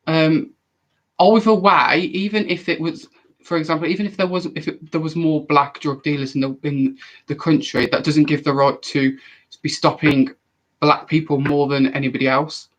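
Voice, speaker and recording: A young man chatting casually on a live stream, answering viewer questions in a rambling, animated way with frequent restarts. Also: fairly high pitch, normal speed, rough recording.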